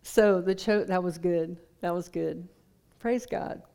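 A woman's voice: fairly low pitch, slow, gravelly, warm tone. A woman preaching a sermon in a conversational way, putting questions to the congregation.

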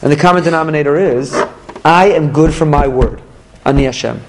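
A middle-aged man teaching a lively Torah lesson to a small live audience, talking emphatically and often jumping into high-pitched quoted voices. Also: brisk, slight background noise, rough recording. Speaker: rabbi teaching a class. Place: room with a small listening audience.

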